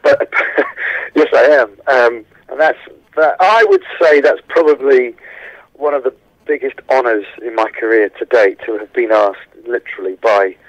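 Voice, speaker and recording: A man's voice: medium pitch, normal speed, dry recording. A man, a musician guest chatting enthusiastically in a radio interview, talking with lots of restarts. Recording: dry, dull phone-line sound.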